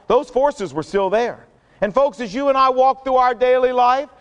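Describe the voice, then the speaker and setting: Male pastor, earnest sermon, very high voice, long echo. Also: clear, resonant tone. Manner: earnest, emphatic, repetitive. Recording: long hall reverb.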